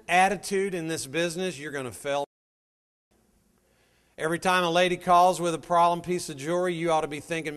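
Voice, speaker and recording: A man's voice: fairly high pitch, a little fast, fairly bright tone, clear, resonant tone. A middle-aged man giving a folksy motivational talk to a live audience, telling stories and addressing listeners directly. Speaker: motivational speaker.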